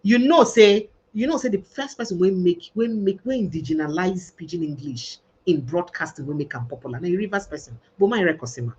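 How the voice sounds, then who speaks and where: A woman's voice: on the low side, lively intonation, a little fast, few pauses, a little mellow, husky, highs cut off. A Nigerian woman hosting a podcast livestream, talking emphatically and mixing Pidgin with English. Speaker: podcast host. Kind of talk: casual livestream discussion.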